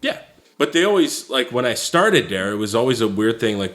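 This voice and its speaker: A man from Quebec co-hosting a podcast in casual chat, speaking in a laid-back, halting way with many fillers. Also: mid-range voice, big pitch swings, fairly bright tone. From Quebec, Canada. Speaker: podcast co-host.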